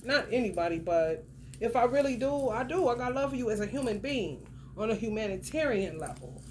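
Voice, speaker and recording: Woman doing a tarot reading, kinda high voice, blunt and cussing a lot, talks right at you. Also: animated, brisk, a little hiss or hum. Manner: blunt, profane and emphatic, talks straight to the viewer. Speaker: tarot reader. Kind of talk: casual tarot reading monologue.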